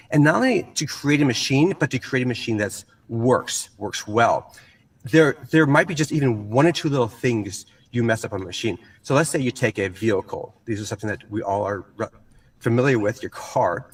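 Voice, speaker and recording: A man speaking in a played clip, rambling and halting with lots of ums. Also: medium pitch, breathy edge, far from the mic. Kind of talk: rambling talk.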